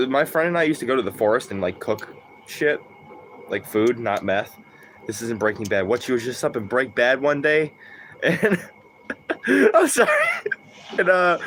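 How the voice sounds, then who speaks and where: A man's voice: mid-range voice, a bit bright, a little hiss or hum. Rambling, foul-mouthed male streamer. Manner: rambling, profane, lots of fillers and laughing asides. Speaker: livestreamer. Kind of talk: casual livestream chat.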